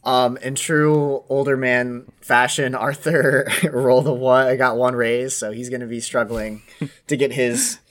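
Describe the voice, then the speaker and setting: A man's voice: medium pitch, flat delivery, a little slow, fairly bright tone. A man playing a tabletop game, describing his character's actions casually, with many hesitations. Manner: casual, hesitant, thinking aloud. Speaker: player. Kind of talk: tabletop role-play.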